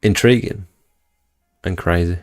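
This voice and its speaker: A man's voice: deep voice, unhurried, faint music behind. A man, hosting a livestream and telling a rambling, chatty story to his viewers at home. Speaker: livestream host. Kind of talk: casual storytelling to a live chat. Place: indoors at home.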